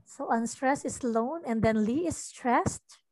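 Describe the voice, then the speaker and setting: A high-pitched woman teaching English online, speaking in an unhurried, deliberate way. She patiently repeats lines to show where the stress falls. Her voice sounds close and dry, with no room around it. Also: a little mellow, dry recording. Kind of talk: online tutoring lesson.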